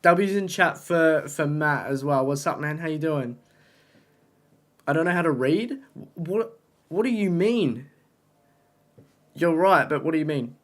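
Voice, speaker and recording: An excitable young man chats casually with his live-stream viewers, swearing freely as he reacts. His voice sits a little higher than most men's. He talks into a desk microphone. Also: measured pace, long pauses. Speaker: livestreamer.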